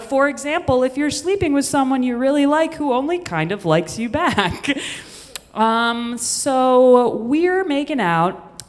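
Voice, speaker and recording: A woman from the Midwest telling a comedic story on stage, chatty and self-deprecating, with rambling asides. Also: fairly high pitch. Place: stage in a venue with an audience. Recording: long hall reverb.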